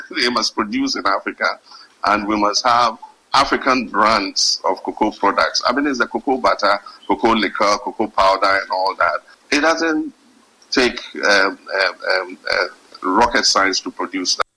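Head of state, male, husky bright voice, deliberate and emphatic delivery. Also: fairly low pitch, low-quality recording. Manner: measured, emphatic, slows down to stress points. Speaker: head of state giving a speech. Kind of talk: formal speech.

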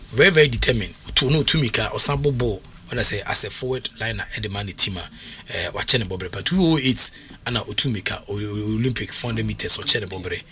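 A man chats through sports news in a bright, cutting voice. He is excitable and emphatic, repeating words for stress and restarting phrases mid-thought. A faint hiss of noise sits under the recording. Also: medium pitch. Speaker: commentator. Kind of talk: casual sports news commentary.

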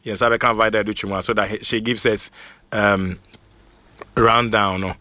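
A man with a Ghanaian accent hosting a radio show, reading out shout-outs in a playful, excitable way. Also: fairly low pitch, moderate pace, no room sound. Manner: excitable, playful, jokes and laughs between names. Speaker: radio host.

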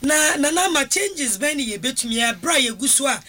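A woman's voice: high-pitched, animated, fairly quick, bright, forceful tone. A woman hosting a radio talk show, giving brief affirmations and mixing English with her local language. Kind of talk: casual radio discussion.

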